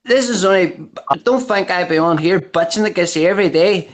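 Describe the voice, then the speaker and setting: A man's voice: high voice, normal speed. A man chatting as a guest, rambling and stop-start, with heavy cursing. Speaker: guest caller. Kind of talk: casual chat.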